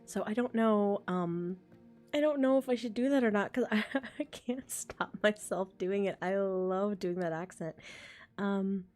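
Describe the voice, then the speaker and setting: A woman's voice: mid-range voice, steady tone, a little slow, a little mellow. Chatty woman rambling on a live stream. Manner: chatty and rambling, laughs often, thinks aloud. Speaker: ASMR voice creator streaming live. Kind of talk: casual live-stream chat reading comments. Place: home, a train passing outside.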